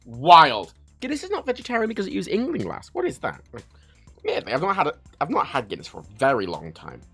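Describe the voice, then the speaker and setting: A man from Ireland, chatting casually on a livestream, telling stories in an animated, sweary way. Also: a little high, fast, creaky, husky, faint music behind. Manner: animated, sweary storytelling, reads chat aloud. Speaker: livestream host.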